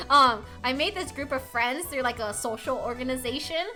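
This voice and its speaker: A young adult woman streamer telling a story to her chat in a casual, animated way, laughing often and swearing freely. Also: high-pitched, normal speed, hardly any pauses, faint music behind. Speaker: livestreamer.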